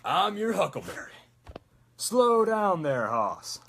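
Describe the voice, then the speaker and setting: A man voicing a swaggering male cowboy gunslinger in a smooth put-on Texan drawl. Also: high-pitched, very animated, slow pace, fairly bright tone, pitched above the performer's own voice, exaggerated voice. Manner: swaggering, taunting.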